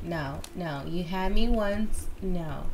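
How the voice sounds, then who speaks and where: A woman's voice: fairly low pitch, slow pace, a little mellow, a little hiss or hum, rough recording. A young adult woman commenting on a game as she plays, reacting emotionally and swearing often. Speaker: gamer. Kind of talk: let's play commentary. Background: game music.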